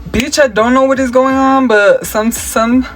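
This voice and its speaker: A man's voice: very high-pitched, steady tone, measured pace. A young man, chatting casually through a makeup tutorial and story time, sassy and profane, mixing Spanish slang into his English. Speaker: makeup vlogger. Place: at home.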